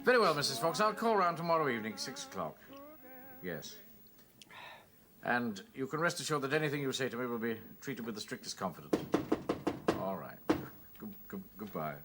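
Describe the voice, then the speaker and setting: An actor playing a pompous middle-aged captain. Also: male voice, mid-range voice, very animated, music in the background, lightly acted. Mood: officious. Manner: pompous, brisk, officious. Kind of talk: 1970s sitcom acting.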